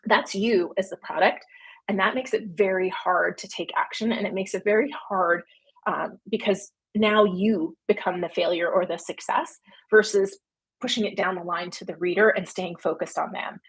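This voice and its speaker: A Canadian woman talks through viewer questions on a casual livestream, her voice slightly husky. She rambles warmly into tangents, filling pauses with ums and quick laughs. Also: mid-range voice. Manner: chatty and rambling, frequent fillers and laughs. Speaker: publishing company founder hosting a livestream.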